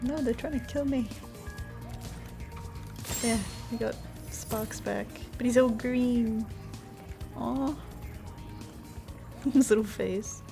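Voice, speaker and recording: A woman's voice: on the high side, slow, gravelly, pauses often. Chatty woman streaming a game. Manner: chatty, laughing reactions. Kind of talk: casual gameplay commentary. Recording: game music behind.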